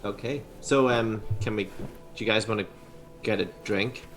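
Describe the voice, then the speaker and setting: A man playing in a casual tabletop game, easygoing and quick to laugh. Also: on the low side, steady tone, a bit bright, faint music behind. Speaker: player.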